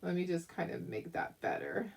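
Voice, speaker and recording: A woman's voice: fairly low pitch, wildly swooping pitch, normal speed, gravelly, darkish tone, far from the mic. A woman hosting a casual craft tutorial at home, chatty and giggly as she talks viewers through each step.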